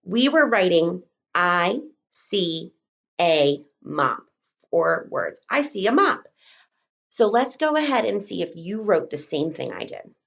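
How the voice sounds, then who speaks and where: Young woman kindergarten teacher, slow and bouncy, sounds out letters, kinda dull lo-fi audio. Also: on the low side, big pitch swings, vocal fry, fairly bright tone. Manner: slow, sing-song, encouraging teacher voice, spelling words out sound by sound. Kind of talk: remote lesson for young children. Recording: dull lo-fi recording.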